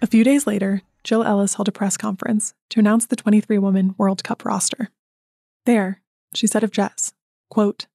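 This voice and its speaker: Flat, husky-voiced woman narrating a documentary. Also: medium pitch, no room sound, clean studio sound. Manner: even, measured delivery. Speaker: narrator and interviewer.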